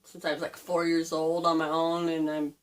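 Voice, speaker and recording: A woman's voice: deep voice, flat delivery, normal speed, slight background noise. A woman in her thirties, a book vlogger chatting casually, rambling off on tangents and laughing at herself. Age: 30s. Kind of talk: casual chat.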